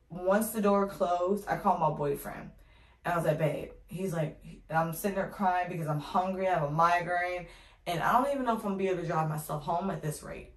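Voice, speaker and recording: A young adult woman telling a casual story to her viewers, animated and sassy, with slang, calling them y'all. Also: deep voice. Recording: roomy echo.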